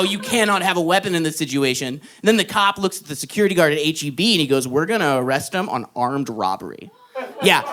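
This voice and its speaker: A young man doing stand-up, telling a story in an animated way, laughing along and jumping into loud put-on voices. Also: high voice. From Texas. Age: young adult. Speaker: stand-up comedian. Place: live comedy club stage.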